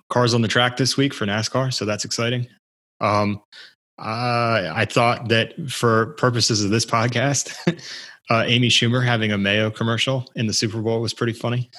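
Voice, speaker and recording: Low-voiced man rambling on a podcast. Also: a bit bright. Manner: rambling, laughs often, frequent restarts. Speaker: podcast co-host. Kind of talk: casual podcast chat.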